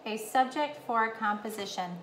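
A woman's voice: on the high side, normal speed. A woman teacher reading a chapter book aloud to her fourth-grade class. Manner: warm-up questions to the class, lively reading. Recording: echoey room, faint hum.

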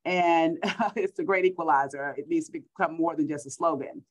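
A woman's voice: sits low, moderate pace, low-quality recording. A middle-aged woman from Texas with a Texan accent, a school superintendent giving an upbeat keynote speech over a video call, repeating words for emphasis.

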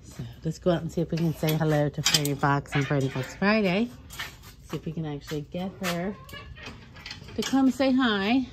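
A woman's voice: low-pitched, moderate pace, background noise. A woman caring for foxes at a sanctuary, chatting to them in a cooing pet voice outdoors. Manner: coos and chats to the foxes in a sing-song pet voice. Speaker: fox sanctuary caretaker. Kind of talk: casual talk to animals while filming. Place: outdoor animal enclosures.

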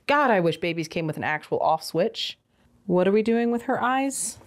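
A woman's voice: fairly low pitch, lively intonation, moderate pace. A young adult woman giving a casual toy review, with sarcastic, exasperated asides.

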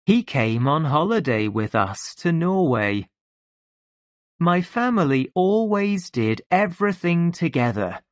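Narrator, very slow, lively intonation, dry. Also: medium pitch, no echo. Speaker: audiobook narrator. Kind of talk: slow scripted narration for learners.

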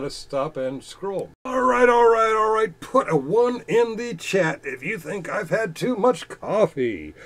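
A man reading chat comments aloud on his channel, mocking commenters with profanity and frequent laughs, swinging between loud bursts and muttering. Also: fairly high pitch.

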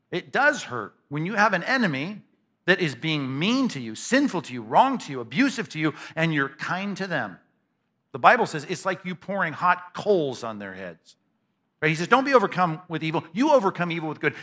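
A man preaching a sermon as pastor to a congregation in a church, emphatic and conversational, often repeating words in quick bursts. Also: a little high, sharp tone. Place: church sanctuary before a congregation.

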